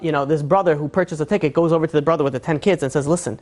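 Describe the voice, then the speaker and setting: A man, a rabbi, telling a long story in a sermon, animated and full of fillers. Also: a little high, very fast.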